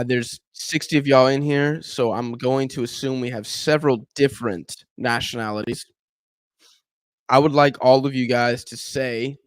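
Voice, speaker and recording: Young guy streaming a football watch-along, talking to chat, animated, dry close mic sound. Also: mid-range voice, no echo. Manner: animated, talks to chat, acts out fans' complaints. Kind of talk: casual live-stream chat and match commentary.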